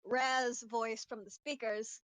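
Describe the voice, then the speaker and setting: A woman's voice: on the high side, steady tone, takes it slowly, a bit bright, dry recording, poor audio. A woman playing a tabletop game, easygoing as she narrates her character's actions. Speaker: player. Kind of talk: casual game chat.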